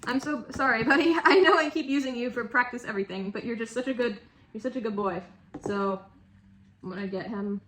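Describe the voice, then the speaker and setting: Young woman, casual tutorial, chatty, emphatic, cooing asides, raised pitch, bright tone. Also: brisk, a little hiss or hum. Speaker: tarantula keeper demonstrating shipping.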